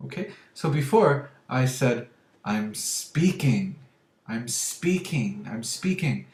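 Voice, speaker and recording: Slow-talking male English teacher. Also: medium pitch, expressive, a little mellow, a little hiss or hum. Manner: slow and deliberate, checks understanding with "okay?". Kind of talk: grammar lesson for learners. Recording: echoey room.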